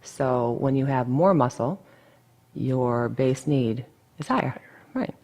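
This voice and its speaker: Woman, dietitian, gravelly voice, blunt, chatty interview talk. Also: very deep voice, lively intonation, takes it slowly, darkish tone. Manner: blunt, chatty, full of asides. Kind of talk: casual interview.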